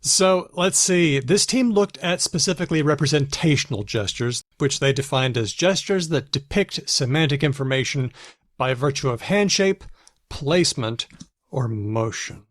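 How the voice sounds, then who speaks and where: A man's voice: mid-range voice, animated, normal speed, no room sound, clean studio sound. A man co-hosting a podcast, explaining research studies in casual chat over a video call. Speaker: podcast co-host.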